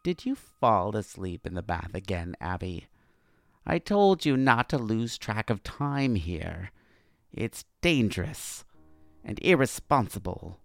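A man's voice: fairly low pitch, big pitch swings, slow, creaky, no room sound, faint music behind, full character voice. A man voicing a scheming demon uncle who coaxes sweetly and then commands coldly. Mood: coaxing. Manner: sweetly coaxing, turning cold and commanding. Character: scheming male demon uncle, coaxing and stern.

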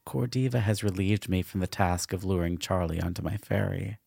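A brooding ferryman spirit in the shape of a dog, weary and doubtful, with a deep, gravelly voice, as a storyteller reads him. The sound is dry and husky, right up against the mic. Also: brisk, warm tone, no room sound, faint music behind, heavily acted.

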